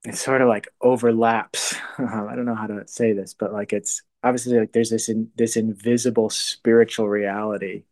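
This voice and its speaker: Soft-spoken man musing on faith. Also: fairly low pitch, flat delivery. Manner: thoughtful, halting, often trails to a soft hush. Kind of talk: casual spoken reflection on faith.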